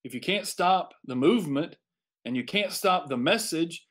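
A man's voice: on the high side, lively intonation, normal speed, fairly bright tone. A man preaching a Bible study sermon to a congregation, emphatic and given to repeating phrases for effect.

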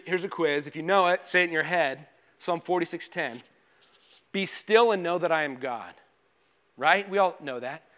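A pastor with a notably high voice preaches a sermon in a relaxed, conversational style. He pokes fun at himself and acts out quick inner voices, some panicked and some calm.

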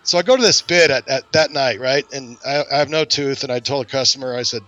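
Guy host spinning a story, bright forceful voice, kinda dull lo-fi sound with a little music under it. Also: medium pitch, fast talker. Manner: animated, acts out quoted voices in his stories. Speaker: podcast host. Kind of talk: casual storytelling chat.

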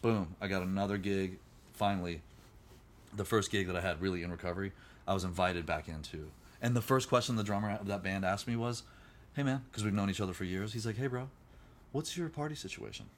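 A middle-aged man, a musician guest on a podcast, telling his recovery story candidly and acting out the voices of people he met. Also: low-pitched. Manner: rapid, animated, acts out quoted voices.

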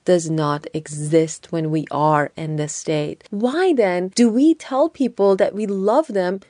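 A woman speaking in an earnest, measured and emphatic way, giving a reflective monologue on a spiritual theme. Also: fairly low pitch, warm tone, no echo, clean studio sound.

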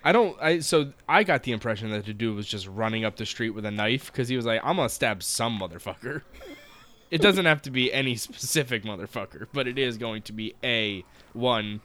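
A man's voice: mid-range voice, brisk, a bit bright. A man co-hosting a casual podcast, joking crudely and laughing often. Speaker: podcast co-host. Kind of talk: casual chat.

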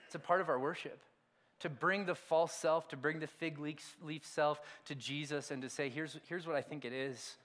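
A middle-aged man delivers a sermon in a fairly high, lively voice. He tells stories with sudden loud outbursts and then drops to hushed, quiet lines. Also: moderate pace. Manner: animated storytelling, swings from loud outbursts to hushed asides. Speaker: pastor.

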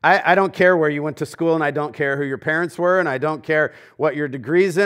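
A middle-aged man preaching a sermon as pastor in a church. He talks conversationally and drops to a near hush on key lines. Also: on the high side, a little fast, few pauses. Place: church sanctuary.

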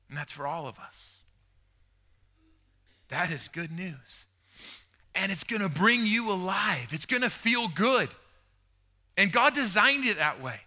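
Passionate high-voiced male preacher. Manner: passionate, swinging between loud emphasis and hushed tones. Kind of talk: sermon.

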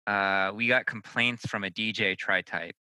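A man's voice: lowish voice, fairly even intonation, moderate pace, sharp tone, clear, resonant tone, no room sound, poor audio. A man hosting a podcast, chatting and teasing his co-hosts with roasting banter. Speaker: podcast host. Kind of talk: joking podcast chat.

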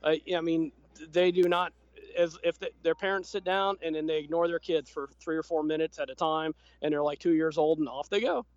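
A man with a fairly high voice chats easily, explaining things in an easygoing way. His sound is dry and a little dull and lo-fi, with no room around it. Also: fairly even intonation, a little fast, no echo. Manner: easygoing, explanatory, laughs often. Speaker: podcast co-host. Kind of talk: casual chat.

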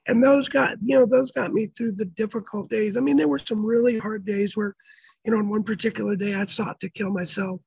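A middle-aged pastor with a raspy, damaged voice, telling his life story earnestly in an interview, often halting and restarting. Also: high voice, steady tone, darkish tone, no echo, low-quality recording. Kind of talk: testimony in an interview.

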